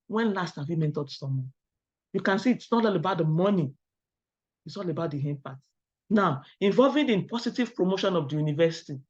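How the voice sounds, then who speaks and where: A middle-aged Nigerian woman giving a webinar talk, firing rhetorical questions at the audience and telling lively personal stories. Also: lowish voice, brisk, breathy edge. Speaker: academic webinar speaker. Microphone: video call. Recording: dull lo-fi online call audio.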